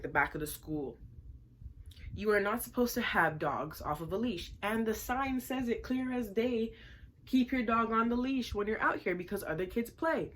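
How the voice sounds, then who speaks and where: Animated woman vlogger telling a story. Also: lowish voice, slight background noise. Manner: animated, emphatic, repeats lines for effect.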